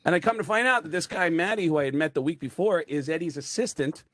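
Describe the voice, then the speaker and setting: A man's voice: a little high, fast, no room sound, studio quality. Rambling male comedian telling a story. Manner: rambling, animated, full of fillers. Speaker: comedian guest. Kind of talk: comic anecdote storytelling. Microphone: video call.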